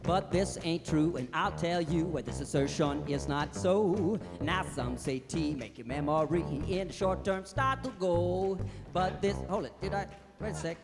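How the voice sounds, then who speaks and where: Man playing a beatnik poet in a fez, high voice, jive patter, live stage reverb, music and crowd behind. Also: unhurried. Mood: hip jive. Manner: jive hipster patter, theatrical poetry delivery. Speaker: stage comedian. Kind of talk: live stand-up character act.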